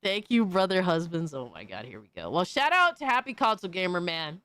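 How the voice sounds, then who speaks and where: A woman livestreamer in casual, profane chat, excitably reacting to videos and thanking viewers by name. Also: fairly low pitch, brisk, smooth, no room sound.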